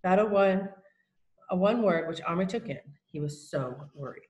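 A woman reads a children's novel aloud, narrating plainly and unhurriedly with a few small slips. Her voice sits on the low side and the room lends a noticeable echo. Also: lively intonation, moderate pace, darkish tone, dull audio. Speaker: reader.

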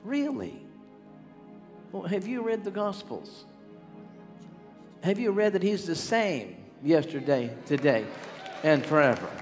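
A man's voice: high voice, big pitch swings, takes it slowly, long pauses. An older man preaching a revival sermon as a healing evangelist, calling out to the crowd. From Pittsburgh area, USA. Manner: exhorting, calls out to the crowd. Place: large church sanctuary. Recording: reverberant hall with music.

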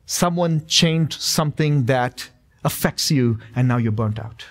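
A man's voice: medium pitch, unhurried. A male pastor in his thirties preaching a sermon in a church, emphatic and repetitive, with touches of humor. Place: church sanctuary.

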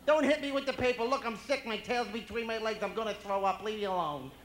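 A man's voice: fast, fairly bright tone, a little hiss or hum. A man doing a whiny, guilty pet dog. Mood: guilty pleading. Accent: Brooklyn. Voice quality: high, pleading, whiny. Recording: echoey banquet hall.

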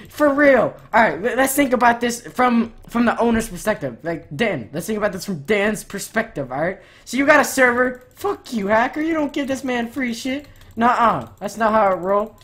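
A woman gamer giving profane, excitable gameplay commentary, ranting in loud outbursts while she plays. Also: a little high, normal speed.

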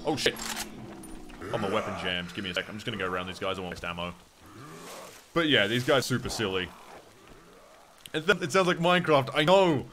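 A young Australian man talks through a game in loose, chatty commentary, swearing now and then and answering his viewers. His pitch swings up and down, and a faint hum of noise sits under the voice. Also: animated, brisk, pauses often, fairly bright tone. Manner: chatty, swears, reads chat aloud. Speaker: gaming streamer. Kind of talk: casual gameplay commentary.

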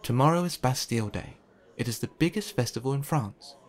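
A man reading a children's picture book aloud in a calm, clear narrating voice. His pitch moves lively up and down through the story. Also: brisk. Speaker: storytime reader.

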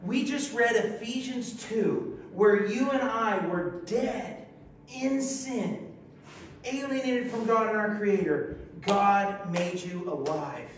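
A man preaching a sermon, reading scripture aloud and leading his congregation in call-and-response, lively and exclamatory, joking with the people in front of him. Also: high voice, slow pace, recorded from a distance. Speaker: pastor. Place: church sanctuary. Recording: very echoey hall, voice from afar, faint hiss.

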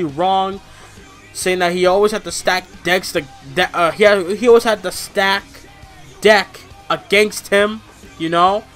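A man giving a casual wrestling review, rambling and swearing and ranting with energy. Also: sits high. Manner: rambling, profane, animated ranting.

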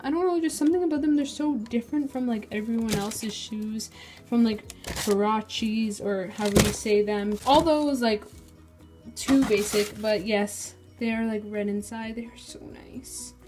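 A woman's voice: on the high side, a little mellow. A woman vlogging casually to camera, gushing and rambling with lots of "like" and "so". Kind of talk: casual unboxing vlog.

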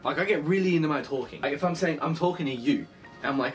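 A young man rattles through a casual bedroom vlog at a very fast clip, his voice sitting a little high. He swears freely and slips into little acted phone voices as he goes. Faint music plays underneath. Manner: animated, swears a lot, acts out phone voices. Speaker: vlogger. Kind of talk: casual rambling monologue.

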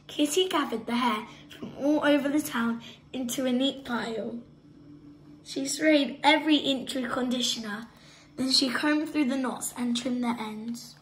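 Expressive woman reading a storybook. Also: high voice, unhurried, slight background noise, rough recording. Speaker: storybook reader. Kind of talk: reading a picture book aloud.

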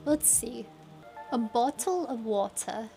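A woman's voice: on the high side, animated, slow pace, mellow, faint music behind. A young woman streamer chatting casually and giggling, trying out British phrases. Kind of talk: casual chat. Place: lives in England.

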